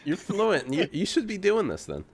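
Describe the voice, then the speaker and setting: A man doing live sim racing commentary, relaxed and laughing often, tripping over driver names. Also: high voice, normal speed, breathy edge.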